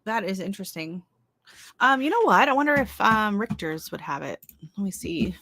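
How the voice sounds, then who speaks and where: On her own livestream, a middle-aged Canadian host reads comments in a casual, rambling chat with fillers and restarts. Her medium-pitched voice is sing-song, pushed, and bright, at a moderate pace, and the recording is dry.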